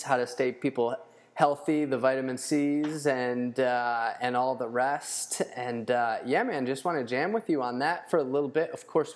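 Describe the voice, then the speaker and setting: A man hosting a podcast in casual chat, loose and profane with plenty of fillers. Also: medium pitch. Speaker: podcast host.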